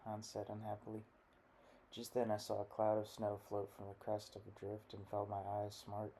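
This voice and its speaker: Male narrator for literary fiction audiobook, deep, monotone, dark timbre. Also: moderate pace, slight background noise.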